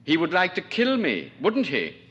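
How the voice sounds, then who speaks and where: A man's voice: fairly high pitch, wildly swooping pitch, normal speed, fairly bright tone, breathy edge, lo-fi sound, voice pushed up, full character voice. A man voicing a domineering, sarcastic older colonel who taunts his staff. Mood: mocking. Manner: cutting, taunting.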